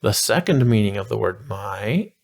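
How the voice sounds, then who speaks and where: A man's voice: on the low side, animated, normal speed, creaky. A man giving a casual, playful video language lesson with a breezy, slangy manner. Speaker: language teacher.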